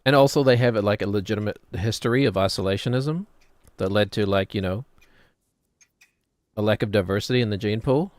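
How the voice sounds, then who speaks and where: A man with a New Zealand accent chats loosely while streaming and keeps tossing in jokes at his own expense. His voice sits a little low, and the recording is dry and close, with no room sound behind it. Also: a little fast, no echo. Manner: rambling, joking, self-deprecating. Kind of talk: casual chat while gaming.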